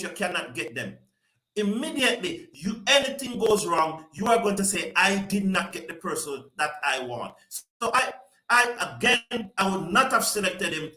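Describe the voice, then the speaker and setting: A man's voice: sits high, sharp tone, reverberant, rough recording. A man hosting a casual live stream, reading viewer comments and greeting them by name, often repeating himself.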